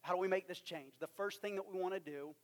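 Preacher with a West Texas accent, high voice, emphatic, rhetorical questions. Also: male voice. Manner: emphatic, slow-drawn stresses and rhetorical questions. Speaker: pastor. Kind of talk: sermon.

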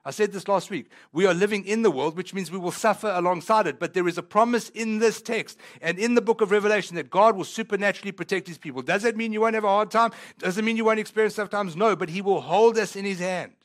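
High-voiced man preaching a sermon. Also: fast, hardly any pauses, a bit bright. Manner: conversational preaching with sudden emphatic swells. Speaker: pastor. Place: church.

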